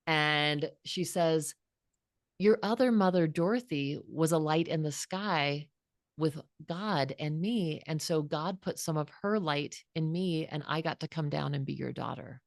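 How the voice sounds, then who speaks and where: A guest author in her fifties recounts a personal story with earnest reflection, frequently starting over. Her low voice moves a little slowly. The studio sound is clean, with no room sound.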